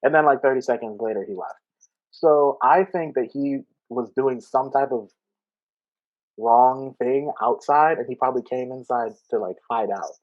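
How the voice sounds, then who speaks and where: A man in a casual podcast chat, spinning a workplace story with plenty of laughs and quoted lines. His voice sits in an ordinary middle pitch. The recording is a little dull and lo-fi. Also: moderate pace. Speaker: podcast co-host.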